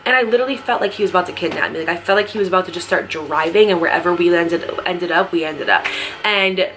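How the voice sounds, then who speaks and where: A woman's voice: lowish voice, fast talker, noisy background. A young woman telling a personal story in a casual, emphatic way, saying "like" constantly. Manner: emphatic, heavy use of "like". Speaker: storyteller vlogger.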